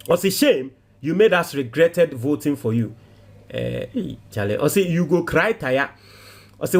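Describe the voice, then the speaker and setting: A man with a Ghanaian accent reads viewer comments aloud, one after another. His voice sits a little high for a man. His delivery is animated and mocking, and he mixes English with Twi phrases.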